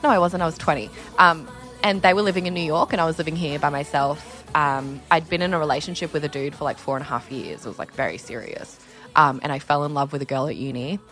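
A young Australian woman in her twenties, a musician being interviewed, telling stories in a chatty, lively way full of acted-out quotes. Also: low voice, fast, faint music behind. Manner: chatty, animated storytelling with lots of "like" and acted-out quotes. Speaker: musician guest. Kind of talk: candid casual interview.

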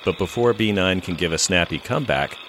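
A man's voice: low voice, animated, fairly quick, fairly bright tone, a little hiss or hum. A man co-hosting a podcast who narrates an episode recap with dramatic storytelling. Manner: dramatic, storytelling, acts out dialogue. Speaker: podcast co-host.

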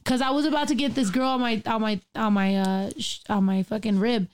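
A woman with a slightly high voice, talking loudly and profanely in a relaxed chat among friends. She laughs through her stories and swears freely. The delivery is blunt and unfiltered. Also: fairly quick, clear, resonant tone. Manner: loud, profane, laughing storyteller.

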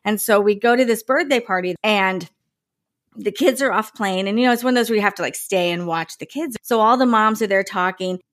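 A woman's voice: medium pitch, fairly quick. A woman in her forties, a guest on a podcast, telling a funny story in casual chat and acting out the voices she quotes.

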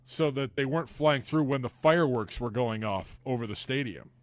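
Relaxed male co-host telling stories. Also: medium pitch, normal speed, no room sound. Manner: relaxed storyteller, stumbles on first words. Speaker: sports podcast co-host. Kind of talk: casual sports chat.

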